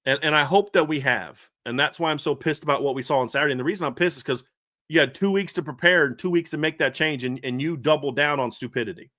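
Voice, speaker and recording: A man's voice: a little high, quick pace, pushed and bright, dry recording, clean studio sound. A man co-hosting a sports podcast, ranting heatedly about his team's coaching, fired up and repeating himself with restarts. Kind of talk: heated sports commentary rant.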